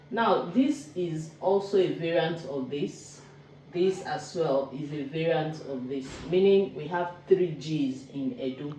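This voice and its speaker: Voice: medium pitch, darkish tone, a little hiss or hum. A language teacher giving a video lesson, explaining patiently and repeating each sound twice. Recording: roomy, distant mic with faint ambience.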